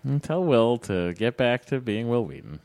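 A man's voice: mid-range voice, big pitch swings, normal speed, gravelly, darkish tone. A man co-hosting a casual podcast, teasing and wry. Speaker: podcast co-host.

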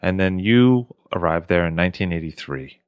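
A man hosting an interview, asking polite, measured questions. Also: sits low, clear, resonant tone, no room sound. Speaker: host.

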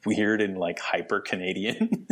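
A man's voice: deep voice, fairly even intonation, unhurried, a bit bright. A man guesting on a podcast as a film director, chatting casually, rambling with restarts and frequent laughter.

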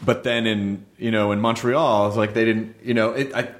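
A man hosts a casual interview in a loose, relaxed way, swearing freely and restarting his sentences. His voice sits a bit low. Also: moderate pace.

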